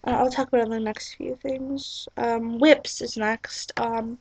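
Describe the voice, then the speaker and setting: A woman's voice: a little high, fairly even intonation, unhurried, breathy edge, no room sound. A young woman vlogging in casual, rambling chat, giggly and apologetic, with lots of "like" and "um", on a webcam mic in a small room at home.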